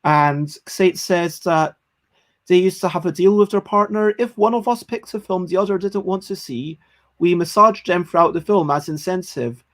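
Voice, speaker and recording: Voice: medium pitch, moderate pace. A podcast host chatting casually and passing on viewer comments. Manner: lively, reads out viewer comments. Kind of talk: casual chat.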